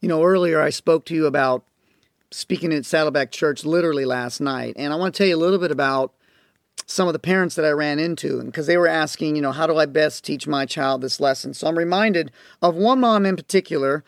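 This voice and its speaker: High-voiced gravelly man telling parenting stories. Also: no room sound, clean studio sound. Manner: acts out quoted parents and children in his stories; earnest, emphatic, slows down on key points. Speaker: parenting speaker. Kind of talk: storytelling talk to a listener.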